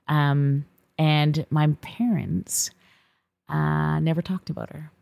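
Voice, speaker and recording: A woman psychologist telling a personal family story in a candid, swearing, animated way. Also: low voice, creaky, dry recording. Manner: candid, swearing freely, animated when recounting dialogue. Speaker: podcast host, psychologist.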